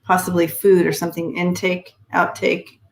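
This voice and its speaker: A woman's voice: fairly low pitch, level tone, moderate pace, rough recording. A woman co-hosting a live stream, giving loose, hesitant tarot readings with many fillers. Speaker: co-host and tarot card reader.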